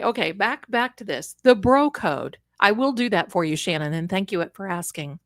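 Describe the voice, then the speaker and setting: Animated woman livestream host, dry sound. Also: medium pitch, moderate pace, hardly any pauses, no room sound. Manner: animated, emphatic, talks straight to viewers. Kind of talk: casual livestream commentary. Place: indoor room.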